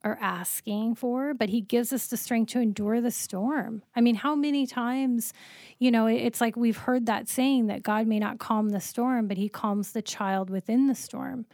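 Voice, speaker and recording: A woman's voice: a little high, steady tone, moderate pace, a little mellow, no room sound, studio quality. A woman co-hosting a faith podcast, talking earnestly and quoting scripture with plenty of fillers. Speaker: podcast co-host. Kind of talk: faith-based podcast conversation.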